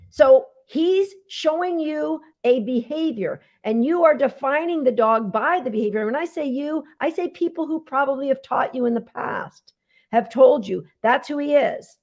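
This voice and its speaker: A woman's voice: fairly high pitch, darkish tone. A woman dog trainer hosting a casual live Q&A, chatty and emphatic, talking straight to her viewers. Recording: dull lo-fi sound.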